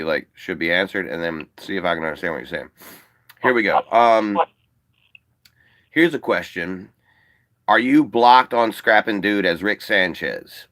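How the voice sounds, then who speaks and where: A man's voice: deep voice, a bit bright. A man hosting a livestream, chatting casually and bluntly with callers, joking and swearing freely. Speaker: livestream host. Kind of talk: casual profane livestream chat.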